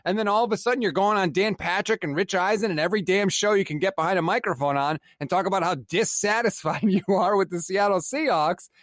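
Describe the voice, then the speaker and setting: A sports podcast co-host rants in exasperation, swearing freely. His voice is high-pitched and fairly bright, and he talks fast with hardly any pauses. The recording is clean studio sound with no room noise.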